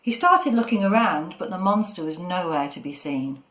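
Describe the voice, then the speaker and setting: A woman narrating a children's story in a measured, expressive way. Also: on the low side. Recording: echoey room.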